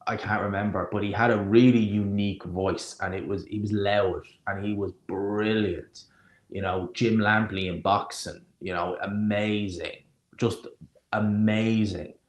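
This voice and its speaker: A man's voice: fairly low pitch, fairly even intonation, unhurried. A man streaming a live watch-along, chatting casually and sarcastically, rambling and stopping to search for names. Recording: roomy echo.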